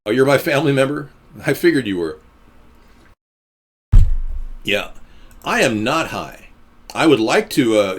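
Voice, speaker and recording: A man hosting a live stream, talking to his viewers in a sarcastic, ranting, jokey way and swooping between high and low voices. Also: lively intonation, a little slow, pauses often.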